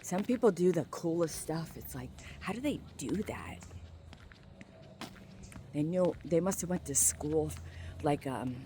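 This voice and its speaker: Walking a small-town street, a Maine woman vlogs casually in a low, unhurried, expressive voice. She rambles, leaning heavily on fillers like um and like, and occasionally goes hushed. It's recorded outdoors on a phone mic with faint ambient noise.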